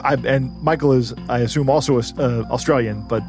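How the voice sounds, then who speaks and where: A man's voice: mid-range voice, a little fast, music in the background. A man co-hosting a podcast, reading listener stories with playful mock earnestness and joking along. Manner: playful, laughs at his own jokes, reads with lively mock earnestness. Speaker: podcast co-host.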